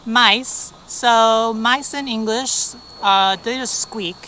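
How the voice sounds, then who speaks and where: A young Korean woman with a Korean accent, a language student calmly explaining and spelling out words in casual chat. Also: a little high, slow, slight background noise, poor audio.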